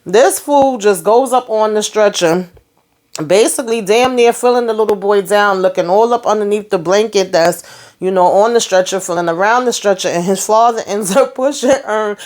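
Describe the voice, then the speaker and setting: A woman's voice: medium pitch, normal speed, a little mellow. A young adult woman recapping a TV episode in a loose, slangy, casual monologue, acting out the characters' lines as she goes. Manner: chatty, acts out characters' lines in quotes; loose slangy phrasing with fillers. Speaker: TV episode reviewer.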